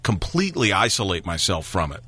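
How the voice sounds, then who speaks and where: Low, bright-voiced male radio host. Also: sing-song, brisk, husky. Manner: chatty, stumbling restarts. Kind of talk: casual radio interview.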